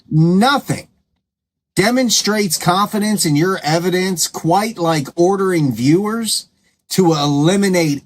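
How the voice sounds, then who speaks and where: A man hosting his own commentary show, scolding and sarcastic as he rebuts claims, with an emphatic, combative delivery. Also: on the high side. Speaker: commentary channel host.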